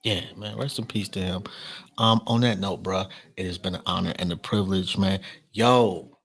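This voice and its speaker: A man's voice: low-pitched, steady tone, moderate pace, a bit bright, breathy edge. A middle-aged man hosting a casual podcast, laid-back and slangy, with bursts of laughter. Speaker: podcast host.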